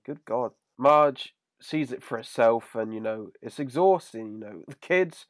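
A man co-hosting a casual chat, recapping an episode in a relaxed, filler-heavy way. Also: medium pitch, normal speed, dry recording, studio quality. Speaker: podcast co-host.

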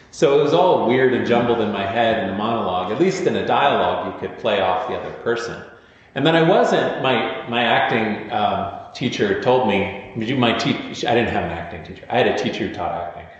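Male pastor preaching in an echoing hall. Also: on the low side. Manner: informal, storytelling, self-deprecating asides. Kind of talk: conversational sermon. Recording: echoey hall, dull lo-fi sound.

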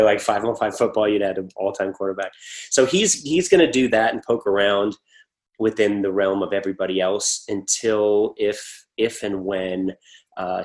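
A man with a somewhat low voice chats through an interview. He rambles, restarts and acts out little quoted exchanges while telling stories about work and friends. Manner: rambling, animated storytelling with acted-out quotes. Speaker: actor guest. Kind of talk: casual interview talk.

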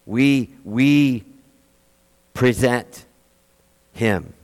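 A man's voice: mid-range voice, a little mellow. Emphatic male pastor in an echoing hall. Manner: emphatic, shifts between quick asides and slow stressed phrases. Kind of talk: sermon. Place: church in Austin, Texas.

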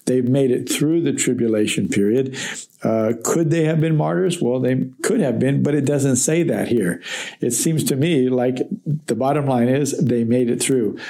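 A man giving a reflective, conversational verse-by-verse Bible teaching as a podcast teacher. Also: mid-range voice. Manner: reflective, conversational, with gentle fillers.

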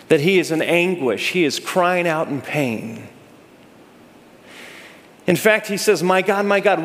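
Animated preaching man, high voice, reverberant sanctuary. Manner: animated, swings between loud high emphasis and low slow drops; asks the congregation to call out answers. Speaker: pastor. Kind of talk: sermon. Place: church sanctuary. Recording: long hall reverb.

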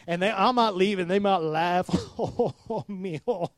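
A man preaching in a storytelling sermon, poking fun at himself and swinging into loud, excited bursts. His voice sits a little high. The sound is dry and close, with no room echo. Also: normal speed, hardly any pauses. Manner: animated, self-mocking, gets loud and excited. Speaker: pastor.

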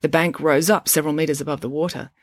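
A woman narrating a children's adventure book in an expressive storytelling manner. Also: low voice, fast talker, dry recording. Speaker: audiobook narrator.

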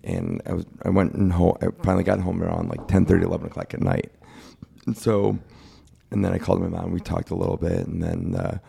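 A man's voice: low-pitched, little pitch movement, fast talker, vocal fry, dark tone, breathy edge. A young man speaking candidly and plainly in a casual interview, recounting his own experience. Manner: candid, plain-spoken, quotes others in his retelling. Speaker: guest sharing his cancer story.

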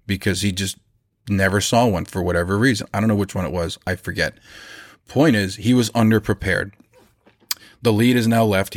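A man who owns a chimney service business, relaxed and anecdotal, telling a story from his work. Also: deep voice, dry recording, clean studio sound. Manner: relaxed, anecdotal, acts out quoted lines. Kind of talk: conversational storytelling about running a business.

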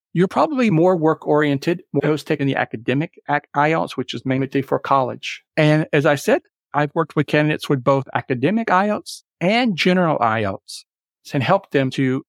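A man teaching English exam tips in a recorded webinar, explaining clearly and spelling things out slowly. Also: a little high, dry recording, studio quality.

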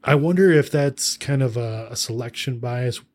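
Male podcast co-host, mid-pitch everyday voice, relaxed chat with a teasing edge. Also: moderate pace. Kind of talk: casual chat.

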